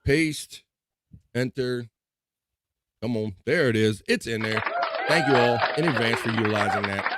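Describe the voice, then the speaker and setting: A man's voice: mid-range voice, normal speed, heavy background noise. A man hosting a casual live chat show, reading viewer comments aloud in a loose, upbeat way with playful filler sounds.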